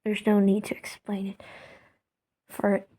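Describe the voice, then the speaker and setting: A woman who speaks English as a second language, thinking aloud in a casual monologue with many fillers and restarts, often trailing off quietly. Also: medium pitch, monotone, slow pace. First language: not English. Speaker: podcaster.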